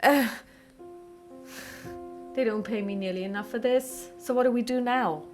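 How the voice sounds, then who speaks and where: Game master, woman, playful and wry, slightly high, music underneath. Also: measured pace. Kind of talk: narrating a tabletop game.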